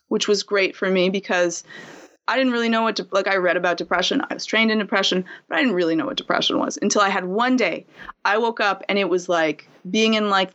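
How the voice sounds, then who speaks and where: A woman therapist talks earnestly in a casual interview and explains her points with homely examples. Her voice sits at an ordinary pitch for a woman. The audio is dull and lo-fi. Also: a bit bright. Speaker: therapist guest. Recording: dull lo-fi sound.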